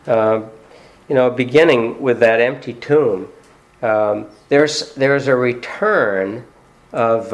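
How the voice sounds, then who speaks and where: A man preaching a sermon in a conversational way. He puts rhetorical questions to his congregation and often fills pauses with "uh.". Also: mid-range voice, lo-fi sound. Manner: frequent "uh" fillers. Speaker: pastor.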